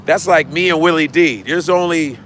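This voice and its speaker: Profane comedian chatting on a livestream. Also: male voice, on the high side, normal speed, fairly bright tone, slight background noise. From United States. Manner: loose, profane, repeats lines for emphasis. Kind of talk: casual chat with viewers.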